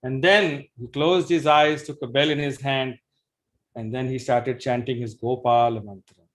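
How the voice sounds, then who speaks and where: A man narrates a devotional story in a lively way. He slips into voices for the figures as he goes. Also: mid-range voice, normal speed. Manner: animated, acts out voices.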